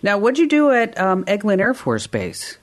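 A woman's voice: mid-range voice, wildly swooping pitch, normal speed, faint music behind. A woman hosting a radio call-in show, chatting casually and rambling through a story.

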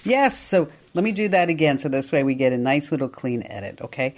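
A woman hosting a call-in radio show, talking in an upbeat, chatty way with quick asides. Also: low voice, animated, darkish tone. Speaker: radio talk show host.

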